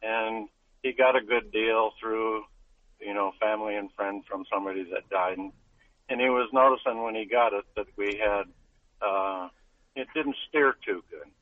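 A man's voice: on the low side, normal speed, no room sound. An older man calling a radio show, describing a car problem in a rambling, homespun way. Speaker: caller. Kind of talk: phone-in question. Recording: tinny phone line.

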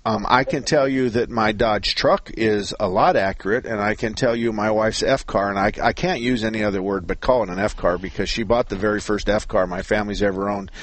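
A man's voice: fairly low pitch, brisk, hardly any pauses, a little hiss or hum. A man hosting a call-in car-repair radio show, explaining things in a folksy, joking, rambling way.

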